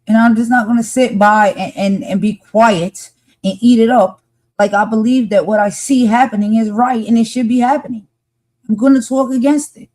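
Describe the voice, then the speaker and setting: A woman's voice: on the high side, steady tone, moderate pace, a little mellow. A woman co-hosting a live podcast discussion, talking passionately and emphatically and repeating her points for force.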